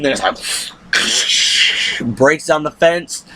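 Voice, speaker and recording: A man casually recapping a TV episode, excitable and acting out the characters' lines. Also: medium pitch, slow, pauses often, slight background noise. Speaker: TV show reviewer.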